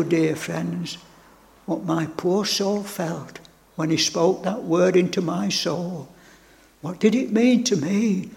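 A man's voice: high-pitched, takes it slowly, creaky, a little mellow. A man preaching a sermon with fervent, repeated phrases and stammered restarts. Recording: long hall reverb.

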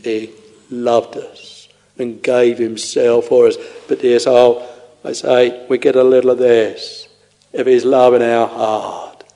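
A man preaching a sermon, tenderly addressing his listeners in a slow, intoning way. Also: mid-range voice, little pitch movement, mellow. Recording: long reverb of a large hall.

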